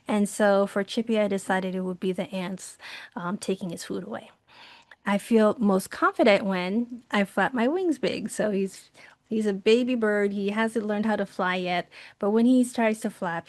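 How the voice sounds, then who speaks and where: A woman's voice: medium pitch, no echo, studio quality. A woman teaching an online art workshop in a chatty, upbeat way, laughing often and using many fillers. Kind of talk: casual online workshop lesson.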